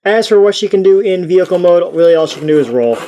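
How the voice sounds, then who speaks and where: Chatty man with a higher voice. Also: expressive, quick pace, dark tone. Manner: rambling, self-deprecating, chatty with restarts. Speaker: toy reviewer. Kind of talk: casual toy review talk.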